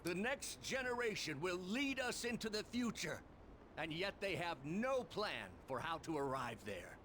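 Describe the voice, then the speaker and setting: A man's voice: high-pitched, big pitch swings, measured pace, a bit bright, a little hiss or hum, exaggerated voice. An actor playing an earnest male politician giving a formal street speech, heard from the game with music behind. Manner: formal, oratorical.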